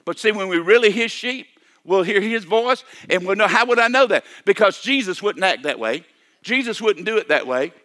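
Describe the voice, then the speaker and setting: An older man preaches a sermon in a high-sitting, animated voice with a sharp tone and normal speed. He keeps repeating himself, stammering through restarts and calling out for amens.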